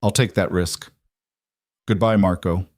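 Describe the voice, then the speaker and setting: A man voicing a single father who speaks calmly and firmly. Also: low voice, measured pace, no echo, clean studio sound. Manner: calm and firm. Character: calm, firm single dad, gentle with son.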